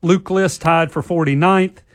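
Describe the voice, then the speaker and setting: A man's voice: fairly high pitch, steady tone, unhurried, no echo, studio quality. A man hosting a casual sports talk show, reading the headlines and chuckling at his own slips. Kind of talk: casual sports radio chat.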